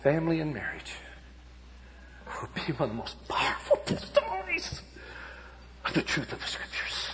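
A man preaching in a storytelling sermon style, swinging between shouted peaks and hushed passages. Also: a little high, wildly swooping pitch, normal speed, long pauses, long reverb tail. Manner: dramatic, shifting from shouts to hushed tones. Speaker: evangelist speaker.

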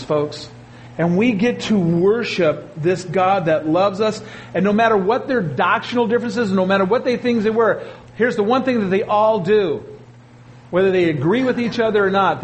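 A pastor preaching a sermon, animated, with his voice jumping up for emphasis and asides to the congregation. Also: high voice, slight background noise, low-quality recording.

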